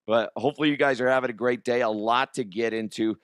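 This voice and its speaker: A man hosting a casual comedic news show, his voice hoarse and strained, joking crudely and laughing often. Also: mid-range voice, fairly even intonation, quick pace, no echo, clean studio sound. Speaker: podcast host.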